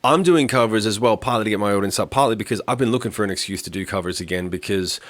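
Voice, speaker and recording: A man co-hosting a podcast with a fairly low voice. He talks bluntly and emphatically and swears freely. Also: fast talker. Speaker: podcast co-host. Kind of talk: casual podcast chat.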